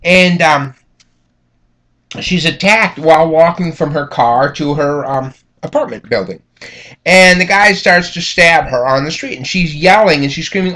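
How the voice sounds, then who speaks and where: Casual higher-voiced man lecturing. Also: measured pace, pushed and bright. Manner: casual, conversational, frequent fillers and "okay?" check-ins. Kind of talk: recorded classroom lecture.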